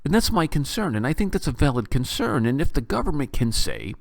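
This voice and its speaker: A man hosting a talk show, giving opinionated political commentary in an animated, sarcastic and incredulous way. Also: on the high side, a little fast, gravelly, few pauses, no echo. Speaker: podcast host.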